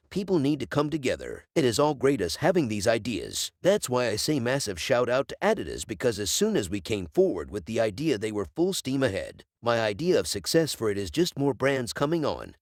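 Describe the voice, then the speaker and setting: A man chatting in an interview, his voice rising and falling a lot as he gets excited. He talks in a casual, slangy and enthusiastic way. The sound is close and dry, with no room around it. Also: mid-range voice, no echo. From London.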